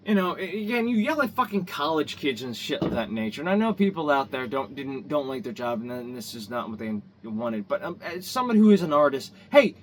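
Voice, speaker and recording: A man's voice: fairly high pitch, a little hiss or hum. A man ranting angrily to camera in a vlog, swearing heavily, repeating himself and stumbling over restarts. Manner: profane, heated, repetitive, stumbling restarts. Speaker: vlogger. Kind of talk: angry rant to camera.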